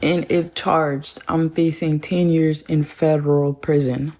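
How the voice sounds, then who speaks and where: A woman's voice: sits low, level tone, slow pace, hardly any pauses, dark tone. A woman in a vlog clip sounding stressed and anxious, laughing nervously while she talks. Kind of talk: social media vlog clip.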